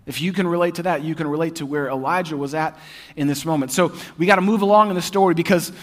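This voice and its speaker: A man preaching a sermon, his voice sitting higher than most men's. He talks conversationally and cracks jokes, then drops into quiet, intense passages. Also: fast. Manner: conversational and humorous, shifting to hushed intensity. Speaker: pastor. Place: church.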